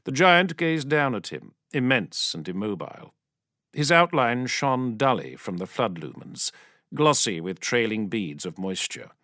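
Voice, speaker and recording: A man reading a story aloud as an audiobook narrator in a dramatic, expressive manner. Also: medium pitch, a little slow, no echo, clean studio sound.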